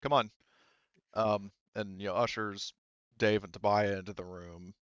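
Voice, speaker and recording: A man with a low, smooth, resonant voice narrates a tabletop game as its game master, often pausing with ums and restarting his sentences. The sound is dry and close, with a slightly dull, lo-fi quality. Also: little pitch movement, dry recording. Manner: hesitant, many ums and restarts while describing scenes.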